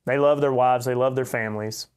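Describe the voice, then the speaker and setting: A man's voice: mid-range voice, fairly even intonation, brisk, clean tone. A man with a light Oklahoma accent hosting a podcast, giving blunt, opinionated commentary and enunciating carefully. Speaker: podcast host. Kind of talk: commentary monologue.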